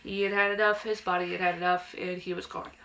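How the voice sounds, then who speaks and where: Bright-voiced young woman telling a story. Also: fairly low pitch, quick pace, poor audio. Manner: animated, acts out quotes in a raised childlike voice. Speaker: vlogger telling a personal ghost story. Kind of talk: casual storytelling to camera.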